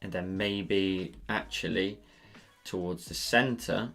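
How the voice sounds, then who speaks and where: With a deep, gravelly voice and a Scottish accent, a digital artist talks slowly through a live painting tutorial on stream. He stays chatty and jokey, answering viewers between steps, while faint music plays softly in the background.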